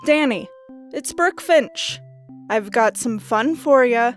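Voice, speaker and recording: A man doing a sharp young woman detective. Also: very high-pitched, lively intonation, slow pace, soft background music, voice pushed up, heavily acted. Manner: dry and teasing.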